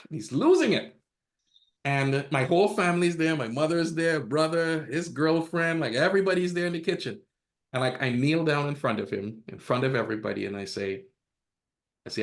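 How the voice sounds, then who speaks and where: Casting: man, podcast guest, candid storyteller, casual, laughs easily, average pitch. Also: expressive, brisk. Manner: candid, laughs at own stories, acts out quotes.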